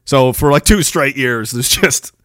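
A Canadian man in his forties, a podcast host telling wild stories in a profane, animated way, laughing often. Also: medium pitch, unhurried, no echo, clean studio sound. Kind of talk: casual storytelling.

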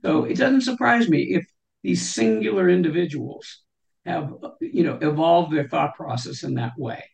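A woman's voice: low-pitched, normal speed, vocal fry, darkish tone. A woman guest in a conversational interview, talking thoughtfully and often saying "you know".

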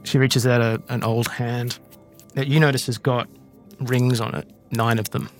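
A man's voice: mid-range voice, little pitch movement, moderate pace, faint music behind. A man narrating as game master of a tabletop game, describing scenes with fillers.

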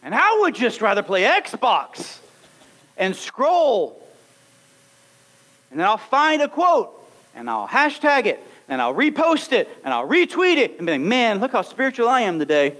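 A man preaching a sermon, animated and acting out little scenes as he talks. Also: very high voice, a little slow, pauses often.

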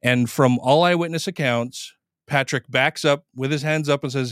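A man talks through a court case in a loose, conversational way, swearing freely and slipping into quoted lines. His voice is smooth and clear at a middling pitch. The recording is dry and close, with no room sound. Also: normal speed, a bit bright, no room sound. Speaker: podcast host. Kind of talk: casual retelling of a court case.

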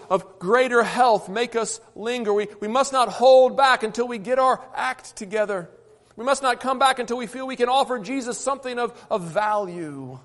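A man preaching a sermon in an earnest way, often repeating words as he goes, recorded in a church sanctuary. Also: very high voice. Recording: long hall reverb.

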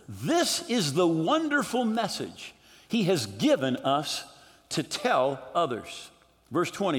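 Male pastor, fervent sermon, high lively voice, echoey hall. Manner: fervent preaching, shouting at peaks.

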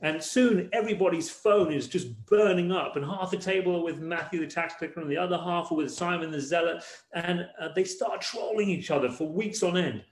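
A man's voice: on the high side, brisk, few pauses, roomy sound. A man preaching a sermon as pastor, in a conversational way, often repeating words as he searches for the next thought.

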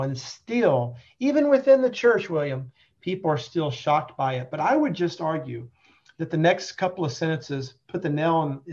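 A man's voice: on the high side, darkish tone. A man explaining his faith and conversion in conversation, earnest and emphatic, stretching out key phrases. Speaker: guest, Catholic convert. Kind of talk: conversational religious testimony and explanation. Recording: dull lo-fi sound.

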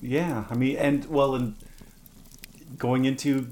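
A woman's voice: rumbling low, steady tone, slow. A woman co-hosting a casual podcast, reacting with laughter and swearing. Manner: loud laughing reactions, profane. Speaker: podcast co-host.

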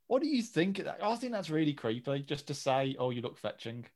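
A man co-hosting a casual podcast chat, chatty and quick to laugh. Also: a little high, sing-song, a little mellow. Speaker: podcast co-host.

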